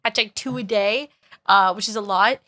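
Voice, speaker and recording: A woman's voice: medium pitch, moderate pace, pushed and bright. A woman co-hosting a casual chat, playful and teasing, who swears casually. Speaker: podcast co-host. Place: at a table with co-hosts.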